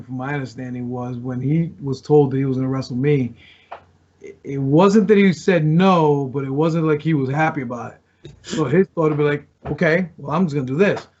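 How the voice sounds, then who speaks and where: Man, fairly high voice, casual storytelling, rambling with restarts, muffled lo-fi audio. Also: normal speed, a little mellow. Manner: rambling, restarts often, acts out quoted lines. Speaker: former pro wrestler, guest. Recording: dull lo-fi podcast audio.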